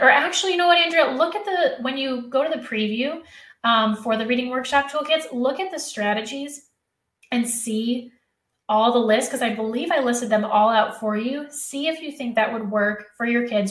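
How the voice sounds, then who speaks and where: A woman's voice: fairly high pitch, fairly bright tone, reverberant. A woman hosting a live teacher workshop, answering chat questions by name in a chatty, self-correcting way, and she is losing her voice.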